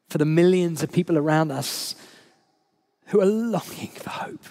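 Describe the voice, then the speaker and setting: A man's voice: a little high, darkish tone, slightly rough. A man preaching a sermon as a priest, telling stories conversationally and emotionally, with frequent laughs. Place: church service.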